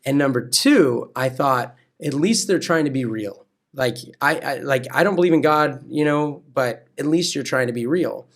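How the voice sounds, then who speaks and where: An American man, a pastor and coach, telling a personal faith story in a lively way, acting out quoted dialogue and then preaching. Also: medium pitch, moderate pace, hardly any pauses. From California. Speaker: pastor and wrestling coach, guest.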